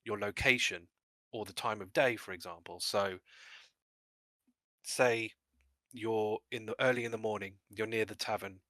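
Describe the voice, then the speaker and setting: A man's voice: on the low side, steady tone, a little slow, long pauses, bright, forceful tone, no room sound. A man co-hosting a casual discussion about game mastering, rambling a little with restarts and small laughs.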